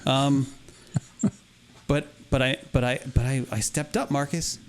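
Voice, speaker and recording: A man's voice: mid-range voice, takes it slowly, slight background noise. A man co-hosting a podcast, telling a long story in casual chat, rambling and acting out what people said. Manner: animated, rambling, acts out quoted dialogue with laughs. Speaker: podcast co-host.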